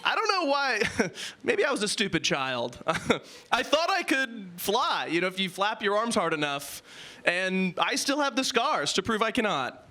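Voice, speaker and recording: A man doing improvised stand-up comedy, riffing quickly and self-deprecatingly with the crowd on audience-suggested topics. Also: sits high, very animated, bright, forceful tone.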